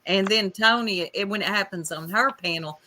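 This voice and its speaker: A woman's voice: mid-range voice, moderate pace, bright, forceful tone, a little hiss or hum. A woman hosting a casual online panel chat, talking freely and laughing often. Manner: chatty, laughs often, says "y'all".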